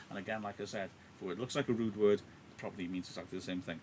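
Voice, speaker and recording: A man's voice: fairly low pitch, fairly even intonation, quick pace, darkish tone. A man teaching live, reading a play aloud and explaining it in a joking, chatty way over a laptop mic.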